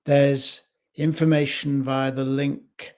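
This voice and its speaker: A man speaking as a life coach in a slow, measured reflective talk, recorded in his home kitchen. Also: mid-range voice, flat delivery, a little mellow.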